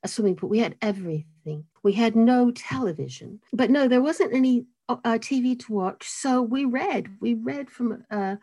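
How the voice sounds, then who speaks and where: An older American woman with an accent between American and British, telling her life story as an interview guest, animated and self-deprecating with frequent laughs. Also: a little high, moderate pace, hardly any pauses. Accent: mid-Atlantic mix of American and British. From United States. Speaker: guest author and cellist.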